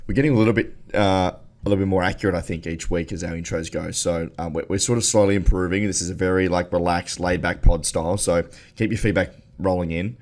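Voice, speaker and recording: A man hosting a podcast in a relaxed, laid-back chat with casual swearing. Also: low voice, fast talker. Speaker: podcast host.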